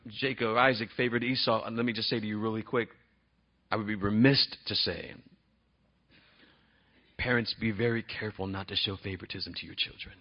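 A man's voice: lowish voice, fairly even intonation, brisk, pauses often, muffled recording. A male pastor preaching a sermon in a conversational way, often asking the congregation questions.

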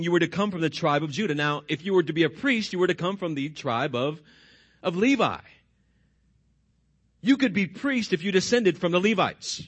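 Emphatic preaching man, higher pitch. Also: lively intonation, husky. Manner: emphatic preaching, asks the congregation questions; slows and drops his voice for emphasis. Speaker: pastor. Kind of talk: sermon.

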